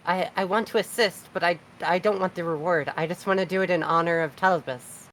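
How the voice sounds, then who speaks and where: A woman plays a timid young adventurer girl in a tabletop game. She stammers and pleads, in a low voice with a faint hiss of noise behind. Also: fairly even intonation, fairly quick, fairly bright tone, natural voice, low-quality recording. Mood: pleading.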